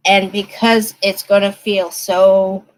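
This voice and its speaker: A woman reads tarot cards live for her viewers in a loose, chatty way, talking to them directly. Her delivery is slow and unhurried, and her pitch sits in the middle for a woman. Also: level tone, poor audio. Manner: chatty, laughing, speaks straight to viewers. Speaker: tarot reader. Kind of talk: live-stream tarot reading.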